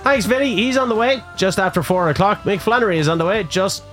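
A man's voice: sits high, lively intonation, fast, a bit bright, faint music behind. A man presenting on the radio, bantering in a playful, jokey way in the studio.

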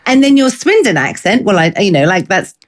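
A woman's voice: medium pitch, sing-song, fairly quick. A woman in a casual chat, playful and chatty, with lots of fillers.

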